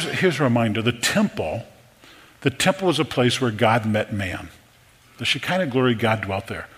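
A man preaching a sermon, animated and full of rhetorical questions to his congregation. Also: mid-range voice. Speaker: pastor. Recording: long hall reverb.

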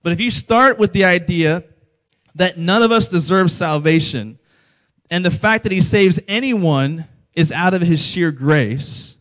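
A man's voice: a little high, fairly bright tone. Conversational man preaching a sermon. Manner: conversational, storytelling with quoted dialogue. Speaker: pastor.

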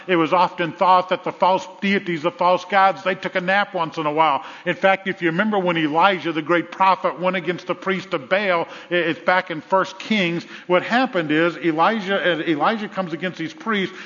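A pastor with a Southern US accent preaching a sermon in a church, retelling a story with animated repetition. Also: male voice, high-pitched, a little fast, hardly any pauses. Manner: animated storytelling with repeated phrases. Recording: echoey hall, dull lo-fi sound.

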